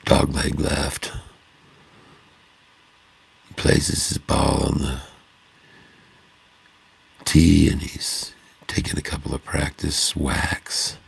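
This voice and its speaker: A man voicing a calm, soothing male golf commentator with a soft, slow, murmured delivery, speaking into a phone. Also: rumbling low, creaky, slightly rough, full character voice. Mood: hushed.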